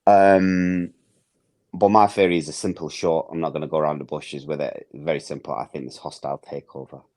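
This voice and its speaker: A man's voice: rumbling low, little pitch movement, fairly quick, darkish tone. A man hosting a casual football podcast, talking emphatically and swearing, acting out what others would say. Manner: emphatic, swears, acts out quoted speech. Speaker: podcast host.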